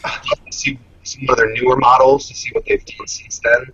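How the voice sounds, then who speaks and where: A man with a nasal voice co-hosting a casual online chat show, chatty and sometimes dropping into soft near-whispers. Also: medium pitch, huge pitch swings, brisk, husky, muffled recording. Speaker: co-host. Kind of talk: casual chat over a video call.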